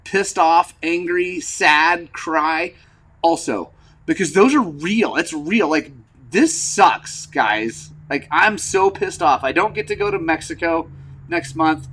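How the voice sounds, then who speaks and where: A man hosting a motorcycle channel in casual rambling vlog chat, frank and frustrated, with lots of fillers and throat clearing, recovering from an injury. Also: on the high side, slow, bright, forceful tone, low-quality recording. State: recovering from injury, wearing a brace.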